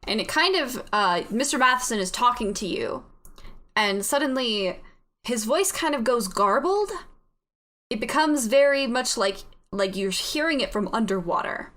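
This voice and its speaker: Lively game master woman. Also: fairly high pitch, moderate pace. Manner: descriptive, with many fillers. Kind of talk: narrating a tabletop game.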